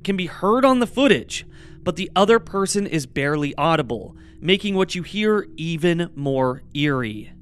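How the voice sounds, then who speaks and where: Man, podcast co-host, somewhat high voice, smooth and clear, earnest casual true crime talk. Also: expressive, normal speed.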